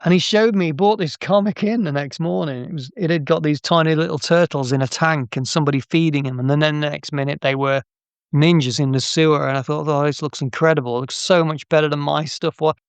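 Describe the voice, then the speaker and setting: A man's voice: on the high side, steady tone, fairly quick, clear, resonant tone, no echo. A middle-aged man, an interview guest, telling anecdotes in a chatty way with frequent restarts and laughs. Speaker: interview guest, game artist. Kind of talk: casual interview storytelling.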